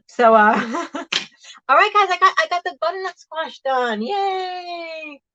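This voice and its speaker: Cooking on a casual livestream, a middle-aged woman host reads the live chat and chats and giggles as she preps food, sometimes with food in her mouth. Her high voice is animated, unhurried, pushed and bright, and the recording is muffled.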